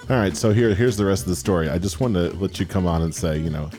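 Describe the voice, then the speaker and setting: A man hosting a casual podcast chat, easygoing and quick to laugh. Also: low voice, mellow, faint music behind. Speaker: host.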